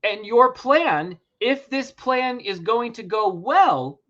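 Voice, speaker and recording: A man's voice: extremely high pitch, expressive, takes it slowly, fairly bright tone, highs cut off. A man hosting a podcast, ranting emphatically and swearing freely. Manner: heated, emphatic, swears freely, laughs in disbelief. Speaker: podcast host. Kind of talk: opinionated podcast rant.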